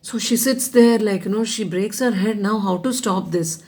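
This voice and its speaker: A woman's voice: mid-range voice, normal speed, a little mellow. A woman casually telling a folk tale, conversational and full of "you know" asides. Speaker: storyteller. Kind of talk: casual oral storytelling.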